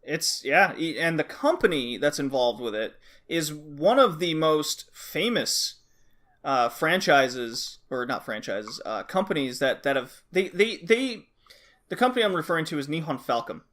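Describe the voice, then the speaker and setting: A man's voice: on the high side, expressive, unhurried, fairly bright tone. A man co-hosting a casual podcast, explaining things at length with restarts and frequent check-ins with his co-host.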